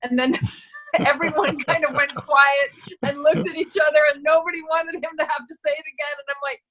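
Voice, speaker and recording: Bright-voiced woman telling lively stories. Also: high voice, brisk, rough recording. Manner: animated storyteller, acts out quoted voices, laughs often. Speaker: actress and producer, guest. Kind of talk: casual anecdote telling.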